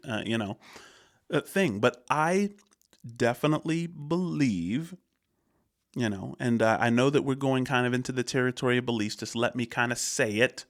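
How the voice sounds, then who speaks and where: A man's voice: mid-range voice, moderate pace. An American man hosting a reaction video, talking through his thoughts in a casual, rambling way with restarts and fillers. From United States. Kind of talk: casual commentary on a clip.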